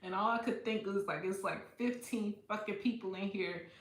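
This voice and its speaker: A woman's voice: medium pitch, moderate pace, roomy sound. Candid, laughing woman telling a story. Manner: candid and profane, laughs often. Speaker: livestream host. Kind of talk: casual storytime chat.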